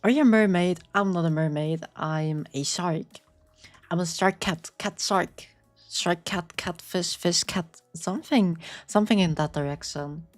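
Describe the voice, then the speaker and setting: A woman streamer with a slight German accent chats casually with her viewers from home. Her voice sits a little low for a woman. She rambles playfully and breaks into quick squeals as she reads chat, with faint music underneath. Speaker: VTuber streamer. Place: home apartment.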